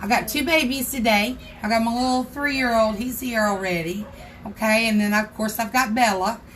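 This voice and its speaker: A woman's voice: a little high, moderate pace, a bit bright, slight background noise. A woman hosting a casual craft tutorial livestream from her home craft room, chatting and greeting viewers by name.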